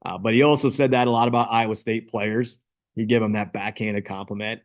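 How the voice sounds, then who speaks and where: A man's voice: on the low side, fairly even intonation, fairly quick. Chatty man doing a league recap. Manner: rambling, chatty, self-deprecating. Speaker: fantasy football league host. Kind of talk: casual league recap to camera.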